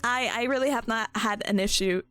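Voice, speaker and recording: A woman's voice: on the high side, brisk. A young woman streamer chatting casually with her viewers, laughing often. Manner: giggly, animated, laughing often. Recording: faint music behind.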